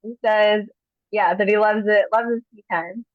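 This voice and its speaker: A woman co-hosting a casual chat on a video call, chatty and quick to react. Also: mid-range voice, fairly even intonation, no room sound, phone-quality sound. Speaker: co-host.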